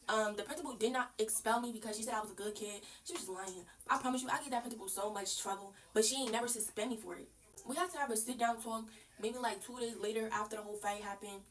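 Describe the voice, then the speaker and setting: Fast, bright-voiced New woman. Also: fairly high pitch, distant mic, slight background noise. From New York. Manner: slangy, blunt, lively storytelling. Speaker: storyteller. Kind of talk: casual story-time monologue.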